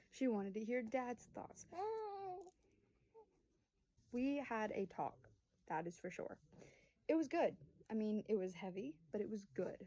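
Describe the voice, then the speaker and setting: A woman in her early twenties, who vlogs and is a young mother, rambles chattily to camera about her family, using plenty of fillers and acting out relatives' voices in quotes. Her mid-range voice is mellow, and the recording is rough.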